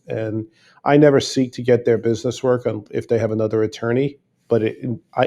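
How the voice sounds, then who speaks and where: A man's voice: mid-range voice, dark tone. A man in his fifties with a New York accent, a guest in a casual podcast interview who talks emphatically and restarts with repeated words. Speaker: guest attorney.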